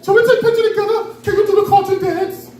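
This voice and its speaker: A man's voice: very high voice, fairly even intonation, fast, mellow, voice pushed up. A man voicing an eager adult German tourist who speaks broken English with a German accent. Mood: excited. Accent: German, put on. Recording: roomy, from far off, noisy.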